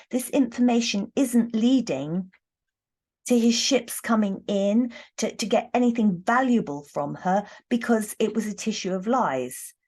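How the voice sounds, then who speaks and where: A woman reading tarot cards in a casual, thoughtful monologue, pausing often and restarting her sentences. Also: mid-range voice, darkish tone. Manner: thoughtful, hesitant, many ums and restarts. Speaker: tarot reader.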